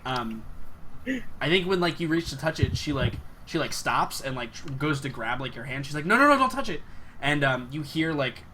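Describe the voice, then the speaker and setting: A man's voice: medium pitch, moderate pace, fairly bright tone. A man narrating as game master, hesitant and full of fillers. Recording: noisy room ambience.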